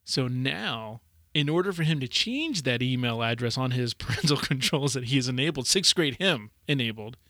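A man in his forties, a podcast co-host telling a story in casual chat, animated and laughing often. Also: medium pitch, normal speed, dry recording, studio quality.

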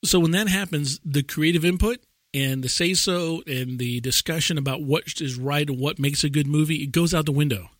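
A man's voice: a little high, moderate pace, a bit bright, dry recording, clean studio sound. A man co-hosting a podcast, rambling casually and laughing often as he tells stories. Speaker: podcast co-host.

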